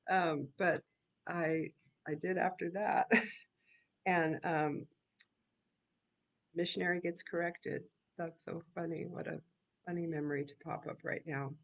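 A woman's voice: fairly low pitch, fairly even intonation, measured pace, vocal fry, long pauses, lo-fi sound. A woman hosting a live devotional, reading scripture aloud and reflecting in a casual, conversational way with frequent little laughs. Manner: casual and conversational, laughs often, many ums. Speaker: devotional host and missionary.

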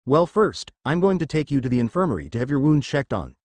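A man's voice: mid-range voice, sing-song, fast, no room sound. A man reading the lines of a cheerful, friendly young alien princess in a fan story reading. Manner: bright, friendly.

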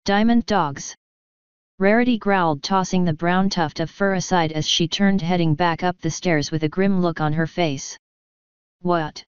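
A woman reading a fanfiction story aloud in a steady, even narration. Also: on the low side, moderate pace, few pauses, smooth, dry recording. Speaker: fanfiction reader. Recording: dull lo-fi recording.

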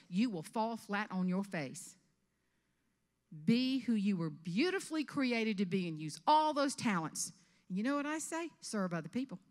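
A woman in her fifties from South Carolina with a Southern US accent, giving a humorous keynote speech on stage with animated storytelling. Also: mid-range voice, big-room sound. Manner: animated storytelling with character voices. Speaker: motivational speaker. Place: event stage before an audience.

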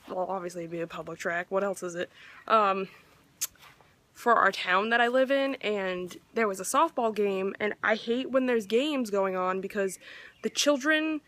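A woman's voice: fairly high pitch, a bit bright. Chatty young woman vlogging. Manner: chatty, lots of "like" fillers. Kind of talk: casual vlog chat.

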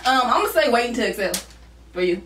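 A woman's voice: fairly high pitch, sing-song, very fast, fairly bright tone, a little hiss or hum. Teasing woman in an echoey room. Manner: playful, teasing, talks to viewers as y'all. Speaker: co-host of a couple's channel. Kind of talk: casual teasing chat. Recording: echoey room, mic at a distance.

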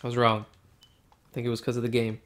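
A man's voice: medium pitch, monotone, a little fast, very noisy. A man chatting casually while playing a video game with a friend, joking and teasing in a playful way. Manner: playful, jokey, mock-regal bits. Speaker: gamer. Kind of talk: casual gaming chat.

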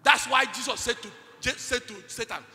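A Nigerian man preaching to a conference crowd, his voice very high for a man and tensely bright with a gravelly edge. He throws questions at the congregation and erupts into shouts. The sound carries a long hall reverb, with faint music playing underneath. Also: a little fast. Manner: call-and-response preaching, bursts of shouting. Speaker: pastor. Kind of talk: sermon. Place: large church conference hall.

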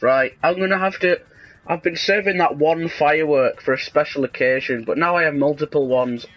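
A young man talks through a video game in a dry, deadpan way. His voice sits slightly high for a man, and he yelps now and then before dropping back into sarcasm. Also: moderate pace, soft background music, rough recording. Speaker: gaming video host. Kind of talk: casual gameplay commentary.

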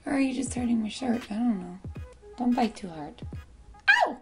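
A fairly high-voiced woman chatting through a makeup tutorial. She is playful and silly, talks to her pet bird, and pokes fun at herself. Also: lively intonation, normal speed, gravelly, dark tone, soft background music. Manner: self-mocking asides. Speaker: beauty vlogger. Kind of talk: casual makeup tutorial chat.

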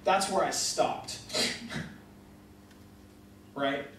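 A man's voice: fairly high pitch, very slow, slight background noise. A young man preaching animatedly to a crowd, telling jokey stories and acting out both sides of conversations. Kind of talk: animated sermon storytelling. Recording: echoey hall mic from a distance.

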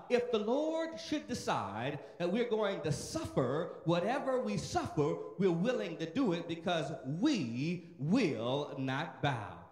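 Man doing steadfast young men, firm and emphatic, lively pitch, echoey hall. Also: exaggerated voice.

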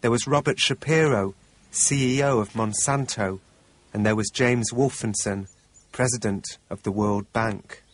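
A man narrating a documentary in the first person, in a wry, measured way. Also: lowish voice.

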